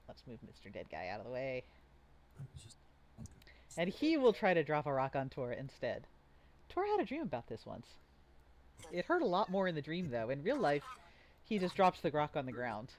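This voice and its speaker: Woman game master, playful, chatty, very lively pitch, faint noise behind. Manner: chatty, playful, trails off while thinking. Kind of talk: narrating a tabletop game.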